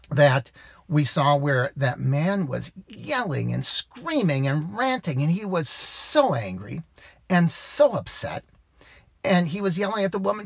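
Husky, animated man giving advice. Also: on the high side, dry recording. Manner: earnest, preachy, animated, with rhetorical questions. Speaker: rideshare driver vlogger. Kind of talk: casual advice monologue to camera. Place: outdoors.

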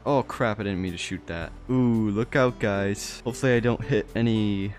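A young man doing game commentary as a gaming YouTuber, excitable, laughing often and crying out in surprise. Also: on the low side, moderate pace, soft background music.

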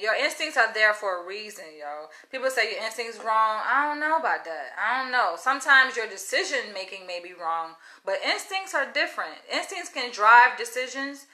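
A woman vlogger telling a story to camera in a casual, blunt, animated way, swearing freely. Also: a little high. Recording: echoey room.

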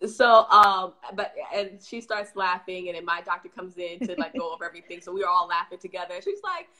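A woman guest telling a personal story in a lively, casual way, acting out what people said. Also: lowish voice, brisk. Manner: lively, acts out quoted voices; casual, frequent "you know what I'm saying".

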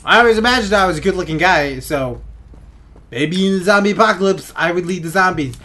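A young man giving crude, goofy gameplay commentary on a headset in his bedroom, often laughing and yelling out suddenly. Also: high-pitched, fairly quick. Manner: goofy, giggly, crude jokes, sudden loud outbursts. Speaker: gaming let's play host.

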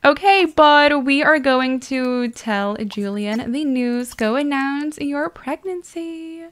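A woman with a high voice narrates her game in a slow, unhurried way. She gushes and squeals over cute moments and laughs easily. It sounds like casual commentary recorded at a desk mic. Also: a bit bright. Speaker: gaming channel host.

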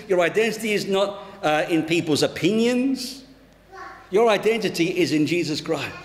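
A man preaching a sermon as a pastor, in a conversational, storytelling way, in a church hall. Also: fairly high pitch. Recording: roomy church hall with long reverb.

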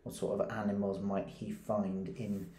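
A man, a primary school teacher reading a picture book aloud and stopping to ask his pupils gentle questions. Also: fairly low pitch, little pitch movement, slight background noise. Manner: gentle, questioning, reads slowly and pauses to ask. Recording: roomy echoey recording.

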